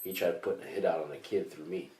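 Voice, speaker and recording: A man co-hosting a comedy podcast, telling a story in a casual, animated way with plenty of swearing. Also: low-pitched, fast talker. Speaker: podcast co-host. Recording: echoey room, distant mic, faint hiss.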